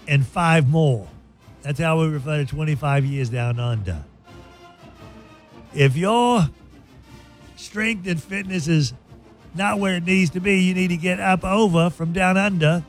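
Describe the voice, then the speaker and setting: A man's voice: a little high, voice pushed up, natural voice. A man putting on a jokey Australian accent for a comic radio ad read. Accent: put-on Australian. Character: jokey Australian male pitchman.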